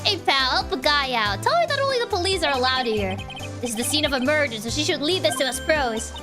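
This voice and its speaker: Woman doing a gruff male detective from a game, lowered voice, blustery street talk. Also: lively intonation, quick pace, music in the background.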